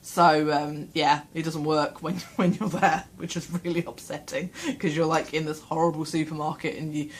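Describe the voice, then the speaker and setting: Husky, low-voiced woman chatting. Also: little pitch movement, moderate pace, hardly any pauses. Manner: chatty, rambling, self-deprecating with laughs. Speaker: vlogger. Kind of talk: casual vlog chat. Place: small room at home, door shut.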